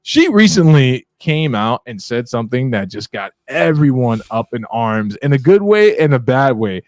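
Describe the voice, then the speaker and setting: A man's voice: mid-range voice, big pitch swings, normal speed, darkish tone, no room sound, studio quality. A man hosting a casual political chat show, talking in a rambling, conversational way. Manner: conversational, rambling, laughs at own jokes. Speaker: host.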